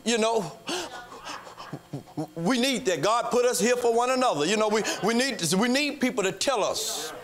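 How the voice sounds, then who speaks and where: Male pastor, high bright voice, sing-song whooping sermon delivery. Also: animated, moderate pace. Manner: chanting, sing-song preaching that rises into shouts.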